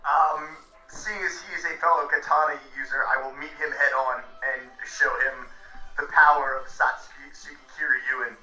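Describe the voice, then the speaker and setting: Very bright male tabletop player. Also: on the high side, fairly even intonation, moderate pace, soft background music. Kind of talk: tabletop role-play. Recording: dull, distant, echoey recording.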